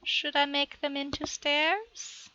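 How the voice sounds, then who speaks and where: Slow-talking bright woman rambling through a game tutorial. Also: high-pitched, fairly even intonation, no echo, highs cut off. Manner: chatty, self-narrating, talks aside to her cat. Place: at home at a computer.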